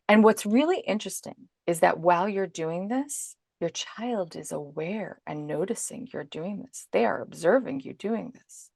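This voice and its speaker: A woman parenting coach in a podcast interview, explaining calmly and acting out her own inner self-talk as examples. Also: medium pitch, moderate pace, gravelly, few pauses, no echo, clean studio sound.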